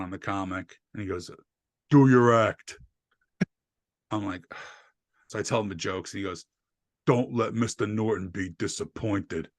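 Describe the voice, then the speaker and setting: With a deep voice, a stand-up comedian from New Jersey swaps stories in casual podcast chat, profane and animated as he acts out people's lines. The sound is clean studio quality with no room sound, captured on a desk USB microphone.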